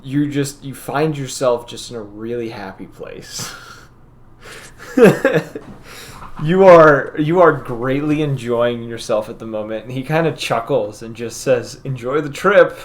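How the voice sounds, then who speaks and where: A man running a tabletop game as game master, narrating scenes in a relaxed, rambling way. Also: mid-range voice, unhurried. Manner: relaxed, rambling descriptions with laughs.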